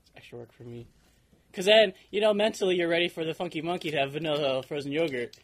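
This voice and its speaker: Quick young man with a slightly high voice. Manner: irritable, swears, acts out customers in quoted voices. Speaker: podcast host. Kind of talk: casual chat.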